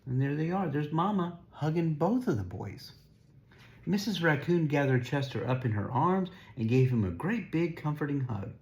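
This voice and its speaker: A man's voice: on the high side, expressive, normal speed, gravelly, a little mellow. A man reading a picture book aloud to a child, stopping casually to point at the pictures and explain. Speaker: storybook reader.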